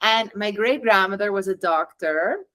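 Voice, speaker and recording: A woman's voice: mid-range voice, moderate pace, bright, forceful tone, rough recording. A woman guest on a podcast, telling her own story in a candid, chatty way and acting out the dialogue she quotes. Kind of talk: conversational storytelling.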